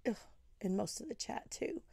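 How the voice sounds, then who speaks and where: A woman's voice: medium pitch, animated, moderate pace, creaky, mellow, breathy edge, dry recording, studio quality. A woman scolding another online creator in a commentary vlog, indignant and full of rhetorical questions. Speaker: commentary vlogger.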